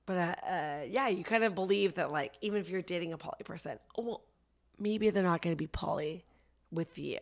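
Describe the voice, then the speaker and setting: A woman comedian chatting as a podcast guest, self-deprecating and quick to laugh, with a dry, coughing throat. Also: lowish voice. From Canada. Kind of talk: casual podcast chat.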